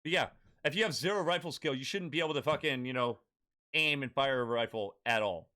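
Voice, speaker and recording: A man's voice: medium pitch, brisk, sharp tone. A man streaming a game and chatting casually with his viewers, talking bluntly and swearing heavily. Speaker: gaming live streamer. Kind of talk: casual live-stream chat.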